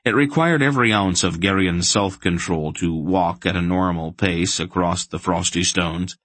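Male audiobook narrator, measured fantasy reading, husky, dry close sound. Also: low-pitched, a bit bright, no echo. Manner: measured, deliberate storytelling.

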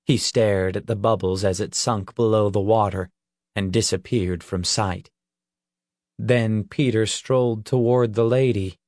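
A man reading an audiobook in a measured, deliberate storytelling manner. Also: on the low side, dry recording, studio quality. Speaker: audiobook narrator. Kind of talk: scripted narration.

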